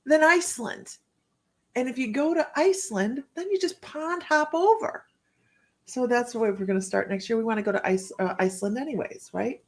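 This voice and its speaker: A woman's voice: high voice, moderate pace. A woman hosting a casual live stream who rambles, laughs often and greets viewers by name as she reads their comments. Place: home, indoors.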